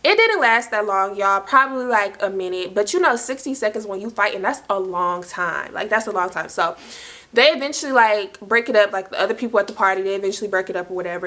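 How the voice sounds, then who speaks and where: Chatty young woman with a bright voice. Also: mid-range voice, brisk. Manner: chatty, heavy use of "like" and "y'all", animated retelling. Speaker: storyteller host. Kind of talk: casual storytime vlog.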